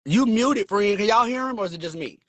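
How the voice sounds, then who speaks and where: A man's voice: expressive, a little fast, fairly bright tone, no echo. Sassy, profane man ranting on a livestream. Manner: flamboyant, sassy and profane, with big swings in pitch. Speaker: livestream host. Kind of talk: casual livestream rant.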